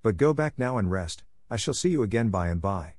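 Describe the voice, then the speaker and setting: A man voicing a gentle enchanted beast who speaks faintly and softly in an audiobook. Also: on the low side, animated, fairly quick, no room sound, studio quality. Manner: soft, gentle. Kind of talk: audiobook reading.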